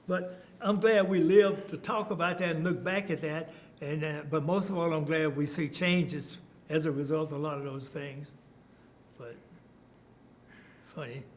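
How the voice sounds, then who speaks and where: Older man, oral history interviewee, fairly high voice, rambling storytelling with chuckles, faint rumble behind. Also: fairly even intonation, measured pace. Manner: storytelling, chuckling, many fillers and restarts.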